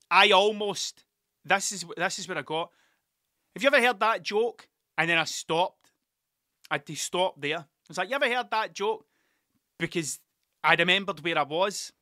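A podcast host delivers a casual storytelling monologue, rambling, swearing freely and laughing at his own tales. His slightly high voice sounds bright and forceful, recorded dry and close with no room sound or echo.

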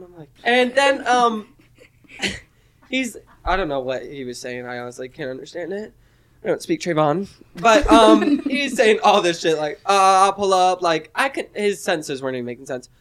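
A man with a fairly high voice that leaps up and down as he spins an animated tale. He breaks into laughter often and keeps the chat loose and casual.

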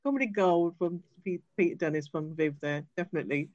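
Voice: medium pitch, fairly quick, a little mellow, dry recording. Host for a group video chat: laughs a lot and trips over words, on dull, dry, lo-fi call audio. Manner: giggly, stumbling, chatty.

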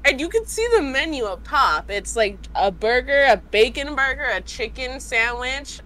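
An American woman co-hosting a casual podcast, animated and exclaiming as she retells a story from work. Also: high voice, normal speed, low-quality recording. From United States. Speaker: podcast co-host.

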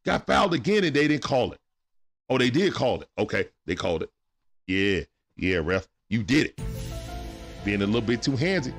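A man hosting a live stream from home, calling a game play-by-play in a casual, excitable way that swings from hushed asides to sudden shouts. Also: on the low side, moderate pace, pauses often, faint music behind. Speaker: stream host. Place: at home at night.

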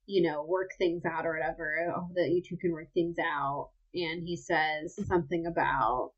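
A woman, co-hosting a casual book-club podcast, gushing and excitable as she recaps chapters. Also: low-pitched, moderate pace, slightly rough. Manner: excitable, gushing, breaks into laughter. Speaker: podcast co-host. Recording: slightly dull lo-fi audio.

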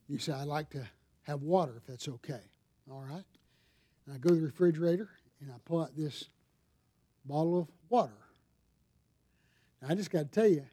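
Conversational preaching man, dark high voice. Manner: conversational preaching with audience questions and props. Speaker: pastor. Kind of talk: sermon. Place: church sanctuary.

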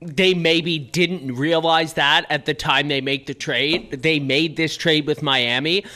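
A man's voice: on the high side, steady tone, slow, pushed and bright. A young man co-hosting a sports podcast, giving blunt, opinionated takes in casual chat. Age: young adult.

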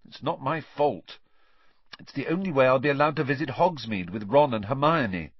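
Man playing a defiant teen boy, cold, grim, husky voice. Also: mid-range voice, normal speed, no room sound, lo-fi sound, pitched above the performer's own voice, natural voice. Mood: gloomy. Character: defiant teenage boy, cool and wary.

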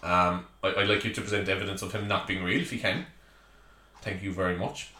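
A man's voice: low voice, steady tone, a little fast, pushed and bright. An Irish man hosting a solo comedy podcast, ranting chattily with lots of joking asides, recorded in a small room at home. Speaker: podcast host. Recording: echoey room.

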